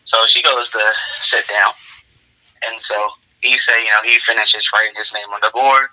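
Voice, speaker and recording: A man's voice: lowish voice, fairly even intonation, normal speed, sharp tone, slight background noise, low-quality recording. A man casually improvising a role-play story with lots of fillers. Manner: casual, rambling, many fillers.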